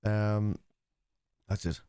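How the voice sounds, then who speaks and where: A man's voice: lowish voice, flat delivery, drawn-out words, dark tone, clear, resonant tone, no room sound, studio quality. An Irish man hosting a live football watchalong, chatting casually and reading out viewer messages in a blunt, opinionated way. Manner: blunt and opinionated, swears freely. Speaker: livestream host reacting to a football match.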